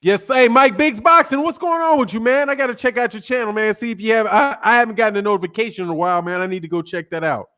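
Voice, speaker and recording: A young man hosts a morning boxing live stream, calling out viewers one by one in an easy, laid-back drawl. He caps nearly every sentence with "man." His voice sits higher than most men's. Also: quick pace, hardly any pauses, smooth. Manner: laid-back, says "man" constantly, shouting out names. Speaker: boxing YouTube host. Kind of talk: casual live-stream chat greeting viewers.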